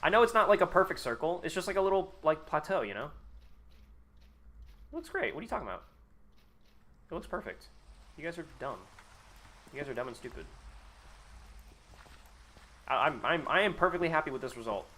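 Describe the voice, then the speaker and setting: Bright-voiced joking male streamer. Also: a little high, animated, fairly quick, long pauses, a little hiss or hum. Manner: swears often, jokes and banters with chat; self-mocking, mutters while building. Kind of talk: casual live gameplay commentary.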